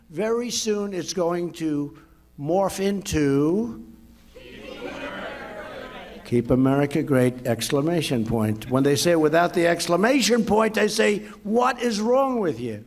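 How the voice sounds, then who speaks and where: An older man in his seventies speaks off the cuff to a crowd, with a voice set somewhat high for a man. He rambles, loops back on his own phrases and piles on superlatives. A faint murmur of people and light noise sit behind him. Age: 70s. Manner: rambling, boastful, repeats himself in superlatives. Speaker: speaker at a public event.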